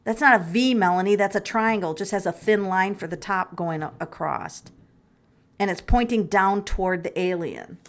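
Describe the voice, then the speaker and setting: Middle aged woman reading tarot cards, gets excited, says um a lot, average pitch. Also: normal speed. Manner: excitable, thinking aloud, many fillers and restarts. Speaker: tarot reader. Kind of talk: casual tarot reading vlog.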